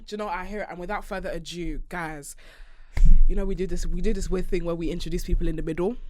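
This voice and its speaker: A woman's voice: fairly low pitch, steady tone, quick pace, darkish tone. A young woman hosting a casual podcast chat, playful and often laughing. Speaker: podcast host.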